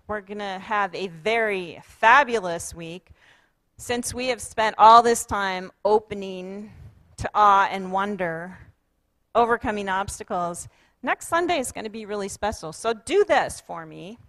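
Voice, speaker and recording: Speaking at medium pitch, a little slowly but with animation, a woman pastor delivers a warm sermon in a church sanctuary. She leads the congregation in call-and-response chanting of affirmations, captured in a dry recording.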